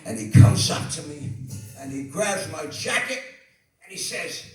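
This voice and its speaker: An older man telling a rambling, animated story on stage at a live venue, full of laughing asides. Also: a little high, unhurried, over loud music. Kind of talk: live anecdote. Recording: echoey hall, distant mic.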